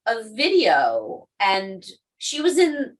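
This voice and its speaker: A woman's voice: fairly high pitch, huge pitch swings, takes it slowly, recorded from a distance, poor audio. A woman hosting a podcast, chatting casually and telling stories with a laugh now and then. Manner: chatty storyteller, laughs often. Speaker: podcast host. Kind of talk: casual chat.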